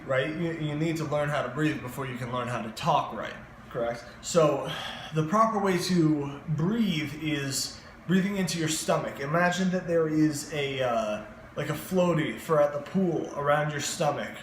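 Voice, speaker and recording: A man's voice: fairly high pitch, a little hiss or hum. A man giving casual spoken voice lessons, explaining breathing earnestly with frequent fillers. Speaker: voice coach vlogger. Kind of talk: casual instructional talk. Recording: echoey room with faint ambience.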